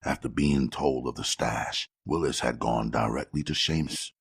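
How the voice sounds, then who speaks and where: A man narrating a gritty novel in a steady, measured way. His voice sits extremely low with a heavy gravelly fry and a husky edge. The delivery is dry and close. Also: no room sound. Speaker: audiobook narrator. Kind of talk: scripted audiobook narration.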